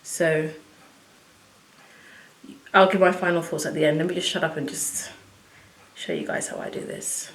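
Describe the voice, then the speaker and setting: A woman chatting to viewers as she works through a casual makeup tutorial at home, excitable and talking as she goes. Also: low voice, moderate pace, pauses often, slight background noise. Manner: chatty, excitable, talks to viewers while working. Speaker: beauty vlogger. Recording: echoey room.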